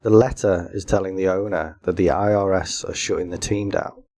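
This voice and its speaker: A man co-hosting a podcast in casual chat, pitching silly comedy film ideas and laughing often. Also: steady tone, normal speed, dark tone. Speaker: podcast co-host.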